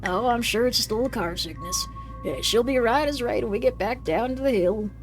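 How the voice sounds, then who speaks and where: A woman's voice: fairly high pitch, fairly quick, faint music behind, natural voice. A woman voicing a folksy, easygoing but firm small-town police officer with a drawl and homespun sayings. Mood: folksy stern.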